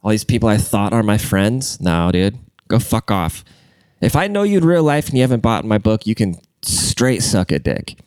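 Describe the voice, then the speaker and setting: A congested man rambles through a profane, offhand rant. His voice sits low and comes across smooth and resonant despite the stuffiness. The room sound is dry and close. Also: very animated, normal speed, a little mellow, no echo. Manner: crude, rambling, swears constantly.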